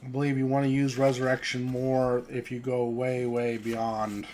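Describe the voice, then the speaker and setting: A man running a tabletop role-playing game as game master, narrating scenes and reading rules aloud in a relaxed way, chuckling often. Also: medium pitch, moderate pace, slight background noise.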